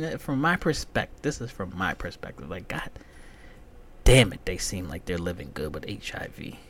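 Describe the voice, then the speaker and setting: A man's voice: sits low, a little hiss or hum. A man hosting his own podcast, telling a rambling, profane story in a casual monologue. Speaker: podcast host.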